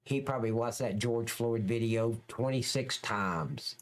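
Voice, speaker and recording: A man's voice: medium pitch, a little slow, noisy background. A man hosts a livestream and reacts to footage with blunt, opinionated commentary. He talks in a mid-range voice and swears freely.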